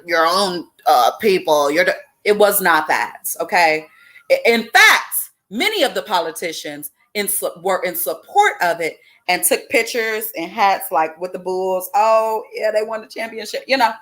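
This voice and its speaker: A young woman from Chicago talks straight to her listeners in a casual monologue. She is emphatic and preachy, punching her points with a repeated "okay?". Her voice sits a little low for a woman. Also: fairly bright tone. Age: 20s. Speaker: podcast host.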